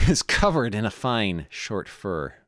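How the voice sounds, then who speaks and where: A man's voice: lowish voice, sing-song, slow pace, fairly bright tone, no echo, clean studio sound. A man streaming a video game, reading the on-screen text aloud with jokey, sarcastic asides.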